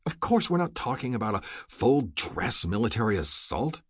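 A man reading a brisk government recruiter who coaxes and presses a reluctant agent, in a husky voice. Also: mid-range voice, big pitch swings, no echo, studio quality. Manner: brisk, smoothly persuasive.

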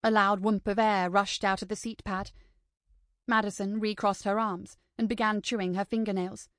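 A woman reading a novel aloud in steady, scripted narration. Her voice sits at a middle pitch for a woman. The sound is close and dry, with no room around it. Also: normal speed, dry recording. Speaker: audiobook reader.

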